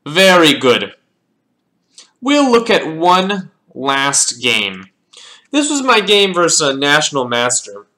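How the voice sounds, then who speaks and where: A man goes through his own chess games at an unhurried pace, thinking aloud and naming each move as it comes. His voice is bright and pushes forward, and he often stumbles and repeats himself in a relaxed, casual way. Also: on the high side. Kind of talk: casual game analysis.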